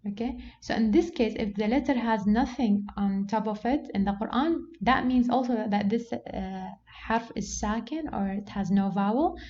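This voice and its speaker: A patient woman teacher explains step by step, pausing on "okay" and slowing down to model each word. Her voice sits fairly high and sounds mellow. The recording is dull and lo-fi, with a faint hiss behind it. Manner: patient, repeats "okay" often, slows to model words. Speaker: Quran recitation teacher. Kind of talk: explanatory lesson on reading marks.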